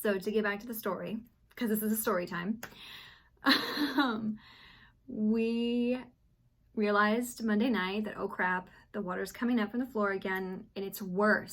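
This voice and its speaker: Chatty young woman telling a story. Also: medium pitch. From Texas. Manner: animated, acts out quoted voices. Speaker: vlogger. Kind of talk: casual storytime vlog. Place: apartment at home.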